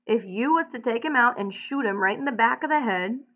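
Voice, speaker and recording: A woman reading the part of a blunt, gruff male ranch hand in a folksy drawl, on a dull lo-fi recording. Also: a little high, animated, a little fast, fairly bright tone. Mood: insistent.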